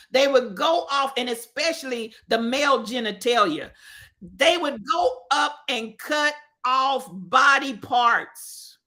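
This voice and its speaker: A woman host speaks with a high, bright and forceful voice. She delivers preacherly commentary on the radio. She repeats phrases and asks her listeners rhetorical questions. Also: expressive, slow pace. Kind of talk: impassioned talk-radio commentary.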